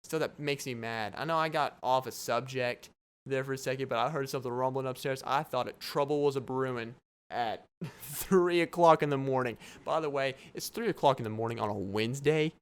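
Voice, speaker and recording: A man's voice: medium pitch, a little fast, smooth. A young man hosting a casual solo podcast late at night, rambling, joking and breaking into laughs. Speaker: podcast host. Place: home at night, downstairs apartment.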